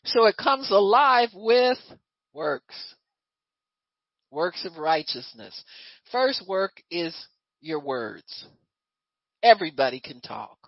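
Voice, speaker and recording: A woman preaching a sermon in a lively, conversational way, full of rhetorical questions. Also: lowish voice, takes it slowly, pauses often, no echo, highs cut off.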